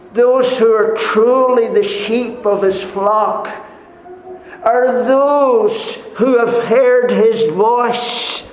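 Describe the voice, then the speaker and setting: High-voiced man preaching slowly. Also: slight background noise. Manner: deliberate, repeats rhetorical questions to the congregation. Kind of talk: sermon. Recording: echoey room.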